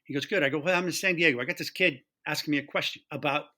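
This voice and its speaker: A middle-aged man telling a story in casual conversation, animated and acting out the voices of the people he quotes. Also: fairly high pitch, rapid-fire. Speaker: guest, taproom owner.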